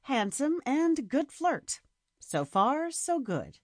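A coy young woman teases her date in a romance story, as a woman narrator puts her on. Her voice is lifted and lively, playful and slow. The recording is dry and close. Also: high voice, dry recording, voice pushed up, heavily acted.

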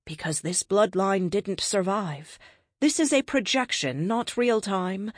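A woman voicing a calm, cryptic ancient cosmic being in a science fiction story, speaking in terse, measured pronouncements. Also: mid-range voice, no echo, clean studio sound. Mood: explaining. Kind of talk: audiobook character reading.

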